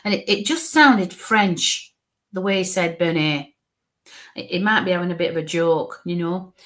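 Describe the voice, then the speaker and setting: A woman working as a psychic medium, giving a live reading in a halting way and breaking off to murmur coaxing asides under her breath. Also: lowish voice, a bit bright. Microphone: live stream mic.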